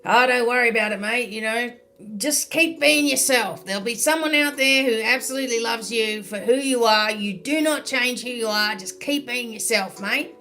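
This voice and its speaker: A woman's voice: fairly high pitch, normal speed, sharp tone. A woman putting on the voice of an easygoing, fatherly older Australian man with an Australian accent, reassuring and laid-back.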